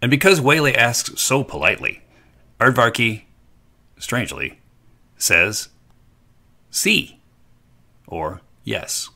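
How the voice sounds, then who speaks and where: Playful, lively-voiced male language teacher. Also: medium pitch, a little slow, creaky, long pauses. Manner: playful, repeats phrases for learners to echo. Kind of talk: scripted narration for a kids' lesson.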